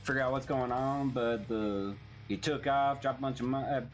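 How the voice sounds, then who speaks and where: A man taking his turn in a tabletop game, talking in a folksy, laid-back drawl. His voice sits at an ordinary pitch, and his questions trail off. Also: fairly even intonation, normal speed, faint music behind. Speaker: player. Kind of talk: in-character play.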